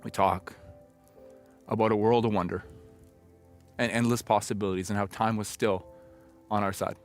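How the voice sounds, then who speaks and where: A middle-aged pastor telling a personal story in a conversational, reflective sermon, now and then acting out old conversations. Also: male voice, lowish voice, fairly even intonation, moderate pace, faint music behind.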